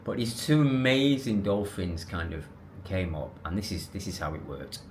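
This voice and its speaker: Man, lowish voice, casual rambling storyteller vlogging to camera, faint noise behind. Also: normal speed. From England. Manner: animated, rambling with restarts and self-corrections.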